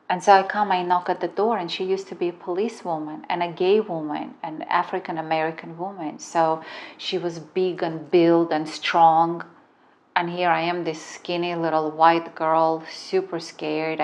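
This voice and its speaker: A middle-aged woman, not a native English speaker, telling a dramatic personal story as a relationship coach and swearing freely. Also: low-pitched. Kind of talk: storytelling talk.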